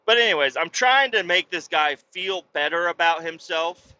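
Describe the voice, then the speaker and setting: Bright-voiced man ranting with constant swearing. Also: normal speed, muffled recording. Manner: profane, animated, puts on a sweet high voice for quoted niceness. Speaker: podcast co-host. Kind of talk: casual storytelling rant.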